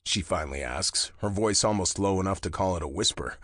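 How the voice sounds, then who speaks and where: Low, intimate male audiobook narrator. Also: expressive, fairly bright tone, dry recording, studio quality. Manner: slow, low, intimate delivery. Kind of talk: scripted first-person romance narration.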